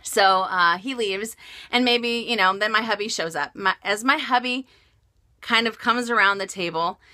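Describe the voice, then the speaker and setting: A woman vlogger telling a story in a chatty, animated way, often restarting her sentences. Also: medium pitch, normal speed. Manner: chatty, animated, self-correcting. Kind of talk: casual storytime monologue.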